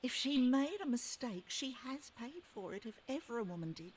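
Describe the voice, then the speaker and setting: A woman's voice: high voice, very animated, moderate pace, slight background noise. An actress voicing a loyal lady's maid in a detective game, speaking bitterly in old-fashioned formal language.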